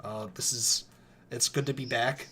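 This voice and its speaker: A game master hosts a live tabletop stream, talking loosely and off the cuff. The delivery rambles and doubles back, full of quick apologies and the odd swear word. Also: medium pitch, steady tone, pushed and bright, a little hiss or hum. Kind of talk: casual chat on a live stream.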